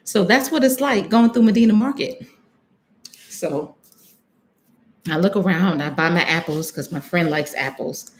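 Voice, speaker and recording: A woman's voice: lowish voice, measured pace, pauses often. A woman vlogger telling a travel story on a live stream, chatty, laughing often and acting out what she said, and talking straight to her viewers.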